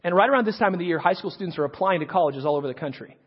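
Animated and racing, this husky man's voice sits high as he preaches in a storytelling, conversational style. In his thirties, he works as a preacher and high school teacher, and he restarts often by repeating words. The recording is muffled and lo-fi, with a long reverb from the hall.

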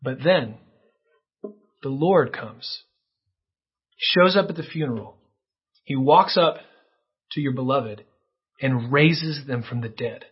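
A man preaching a sermon, earnest and dramatic, with his voice leaping up and then dropping to a hush as he tells a story. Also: on the high side, animated, normal speed, long pauses, slightly rough. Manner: earnest, dramatic storytelling with sudden rises and hushed drops. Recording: dull lo-fi sound.

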